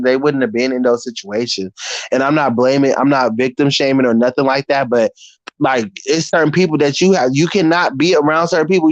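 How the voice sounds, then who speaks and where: A man telling a story to the camera in a casual, animated and profane way, full of slang. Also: medium pitch, no echo, lo-fi sound. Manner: animated, profane, slangy and talking straight to the viewer. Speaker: storyteller vlogger.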